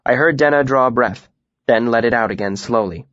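A man reading a first-person fantasy story aloud as an audiobook narrator, in a measured, even way. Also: medium pitch, no room sound. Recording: dull lo-fi dry recording.

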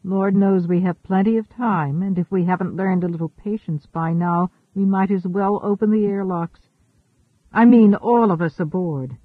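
A man reading the lines of a gentle, wise woman space traveler in an audiobook. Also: high voice, normal speed, no room sound. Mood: reflective. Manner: gentle, reasoning. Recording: thin phone-like dry audio.

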